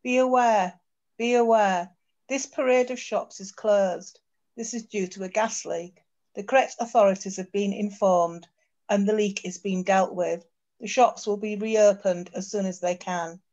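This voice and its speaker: A woman voicing a mechanical public-address announcement, flat and formal, in a story reading. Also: mid-range voice, measured pace, lo-fi sound, lightly acted.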